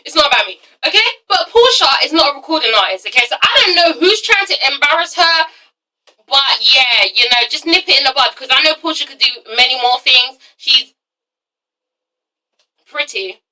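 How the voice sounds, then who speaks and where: A young woman chatting through a casual TV recap, blunt and a little rambling, forever checking in with "okay?". Her voice sits high and sounds very bright. She is recorded from a short distance off the mic. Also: animated, moderate pace. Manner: rambling, keeps tagging sentences with a questioning "okay?". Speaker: TV review vlogger.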